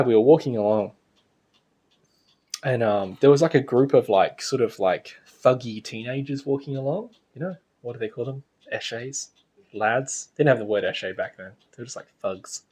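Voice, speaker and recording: A man's voice: mid-range voice, lively intonation, moderate pace, darkish tone, husky. A man giving a casual spiritual lecture to a class, chatty and anecdotal, often laughing.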